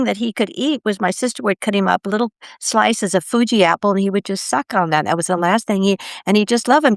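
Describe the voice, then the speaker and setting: An older woman telling stories in a casual interview, animated and laughing, acting out the voices of people she quotes. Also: medium pitch, a little fast, dry recording, clean studio sound. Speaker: guest, near-death experiencer.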